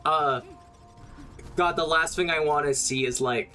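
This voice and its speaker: A man's voice: a little high, measured pace, pauses often, sharp tone, soft background music. Profane, rambling young man streaming a game. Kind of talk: casual gameplay commentary.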